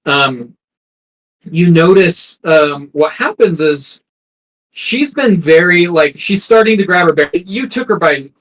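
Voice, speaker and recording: Hesitant game master, slightly high voice. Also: male voice, animated, slow, fairly bright tone, poor audio. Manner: hesitant, many ums and restarts. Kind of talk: narrating a tabletop game.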